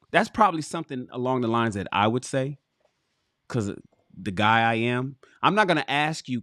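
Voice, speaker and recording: A man hosting a casual livestream, reading a relationship book aloud and commenting to his viewers in an animated, swearing, buddy-to-buddy manner. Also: mid-range voice, a little fast, no echo, clean studio sound. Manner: animated, swearing, addresses viewers as fellas and bro. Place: home.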